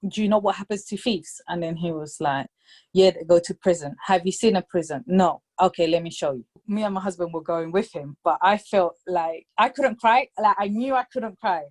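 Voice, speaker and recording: This podcast guest has a fairly low voice and keeps a moderate pace while relating a story in casual chat. Her storytelling is lively, with acted-out voices and bits of Spanish mixed in.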